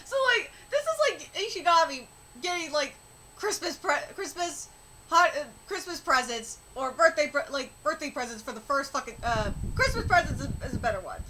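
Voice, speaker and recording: A woman reads a manga aloud on stream and reacts as she goes, excitable and quick to swear, often breaking into squealing shouts. Her voice sits very high and swoops up and down, bright and forward. A faint hiss runs under the recording. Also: rough recording. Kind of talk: live reaction with read-aloud dialogue.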